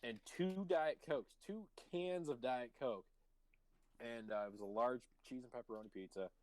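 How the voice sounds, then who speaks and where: A man's voice: medium pitch, normal speed, no room sound, rough recording. A man hosting a live stream and telling casual stories, swearing freely and laughing mid-sentence. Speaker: stream host. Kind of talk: casual chat, telling anecdotes.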